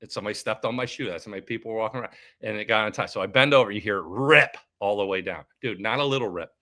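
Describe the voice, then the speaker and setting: A man who hosts a finance video channel, telling a story in a casual, animated way and acting out both sides of each conversation. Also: lowish voice, rapid-fire.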